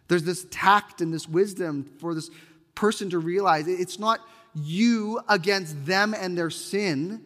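Earnest preacher in a reverberant hall. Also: male voice, sits high, a little slow, a bit bright. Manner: earnest, pleading, reads scripture aloud with emphasis. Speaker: pastor. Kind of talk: sermon.

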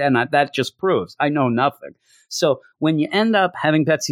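A man casually reviewing a comic, joking and acting out characters' lines in quick voices. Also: on the high side, no echo, clean studio sound. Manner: animated, jokey, acts out characters in quick voices. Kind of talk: casual solo review chat.

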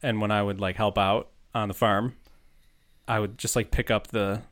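A man's voice: on the low side, little pitch movement, moderate pace, a bit bright. A man from Buffalo, New York, chatting casually as a podcast co-host, rambling with lots of fillers and laughing easily. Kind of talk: casual chat.

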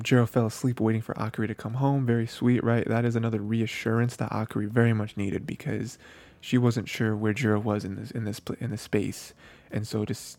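A man hosting an anime podcast, recapping an episode in a rambling casual way, with lots of fillers and soft laughs. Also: lowish voice, creaky, no echo.

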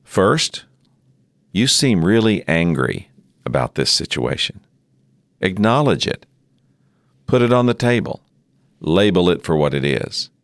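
A middle-aged man giving a measured teaching talk on pastoral care, sometimes acting out sample dialogue. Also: deep voice, very animated, no room sound, clean studio sound. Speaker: seminary leader teaching on ministry.

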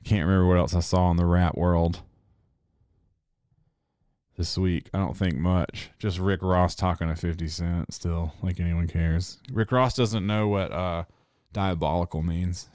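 A man's voice: deep voice, a little slow, a little mellow, dry recording, studio quality. A young man hosting a podcast, talking in a loose, rambling, profane way with frequent laughter. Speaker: podcast host. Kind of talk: casual chat.

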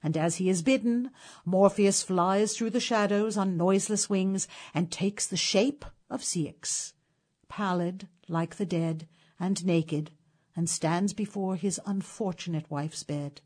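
Slow, expressive woman storyteller. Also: mid-range voice. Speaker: narrator. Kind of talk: literary storytelling narration.

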